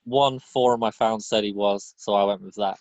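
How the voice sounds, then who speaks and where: A man's voice: on the low side, steady tone, moderate pace, a little mellow, no room sound, highs cut off. A man co-hosting a podcast in casual chat, making dry joking asides. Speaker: podcast co-host.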